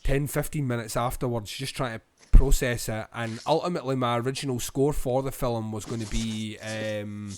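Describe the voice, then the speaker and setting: A Scottish man co-hosting a podcast, giving a rambling film review full of ums and pauses. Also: medium pitch, steady tone, slight background noise. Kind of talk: casual film review chat.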